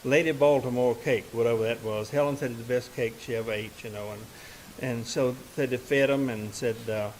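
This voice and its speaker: A man's voice: medium pitch, fairly even intonation, brisk, few pauses, a little hiss or hum, rough recording. A man, a musician and bandleader telling a story to a live audience from the stage. He talks in a folksy, rambling way, with lots of "and, uh" restarts.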